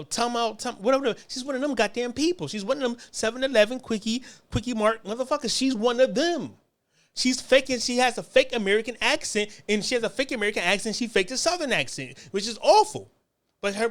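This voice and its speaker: Man, high-pitched voice, online commentator mid-rant, heated and profane, stumbling over restarts. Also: a bit bright.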